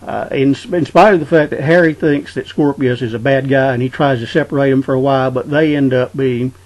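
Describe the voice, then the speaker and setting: A man casually discussing a book, talking in an unhurried way and reading passages aloud. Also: mid-range voice, steady tone, rough recording. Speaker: book reviewer.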